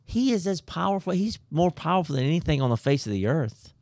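A man's voice: a little high, big pitch swings, fast, creaky, darkish tone, no echo, studio quality. A man with a folksy, preachy way of talking, hosting a casual faith discussion.

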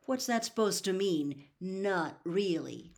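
Woman reader doing an indignant schoolboy, loud and bitter, lively pitch, audiobook. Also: takes it slowly, gravelly. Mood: suspicious. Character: frustrated, bitter teenage boy. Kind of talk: audiobook character reading.

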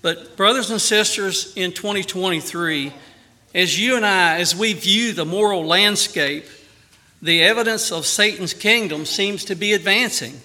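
Man preaching a sermon, high voice, very bright tone, earnest, emphatic. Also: unhurried. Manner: earnest preaching, with emphatic rises and softer prayer.

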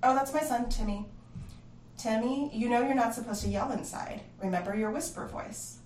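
A woman's voice: on the high side, normal speed, a little mellow, a little hiss or hum, voice pushed up, lightly acted. A woman doing a soothing, distracted dad. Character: young father, soothing but distracted. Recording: roomy, distant mic, faint ambience.

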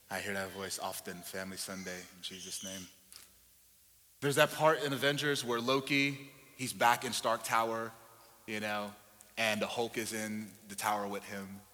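A man preaching a sermon as a pastor, moving from low, chatty asides to loud, emphatic preaching. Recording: long hall reverb.

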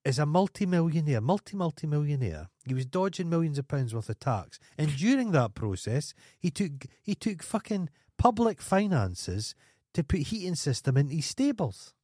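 A man's voice: a little high, very animated, normal speed, few pauses, darkish tone, no room sound. A Scottish man in casual podcast chat. He rants and swears with real indignation, and his voice swings widely up and down. The sound is dry and close. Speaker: podcast co-host.

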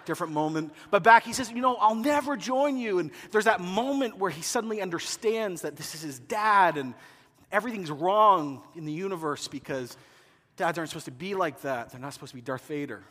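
Animated storytelling pastor in a hall. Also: male voice, a little high, a little fast. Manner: animated storytelling, acting out movie scenes. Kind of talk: sermon. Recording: long hall reverb.

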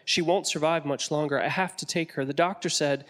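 A desperate father begging to save his sick daughter, as a male narrator acts him out. His voice is whining and pleading and climbs high and loud. It is told as a storybook reading. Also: steady tone, a little fast, long reverb tail, lightly acted.

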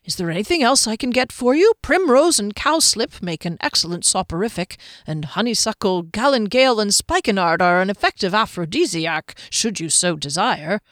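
A woman's voice: medium pitch, expressive, normal speed, hardly any pauses, a bit bright, no echo, clean studio sound, lightly acted. A woman voicing a nervous, scrawny little male herbalist who stammers and stays stiffly polite.

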